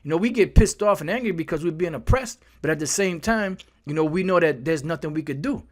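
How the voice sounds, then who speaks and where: Fairly quick, on the high side, and lively in intonation, this man's voice carries angry scripture commentary. He swears hard, repeating and stumbling over words as he fiercely drives each point home.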